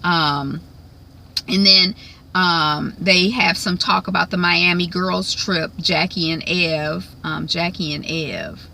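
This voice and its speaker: A woman's voice: lowish voice, takes it slowly, vocal fry, bright, forceful tone, slight background noise, poor audio. A woman casually recapping a reality TV episode, chatty with lots of ums and frequent laughs. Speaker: recap vlogger.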